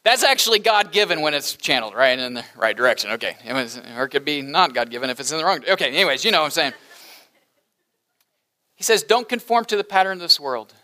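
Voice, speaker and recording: A middle-aged man preaching a sermon as pastor, animated and humorous, breaking into laughter during his asides. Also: mid-range voice, quick pace.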